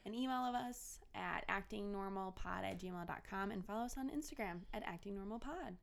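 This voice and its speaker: A woman's voice: medium pitch, a little fast, creaky. A young woman co-hosting a podcast in giggly, playful casual chat. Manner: giggly, playful, lively delivery. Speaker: podcast co-host.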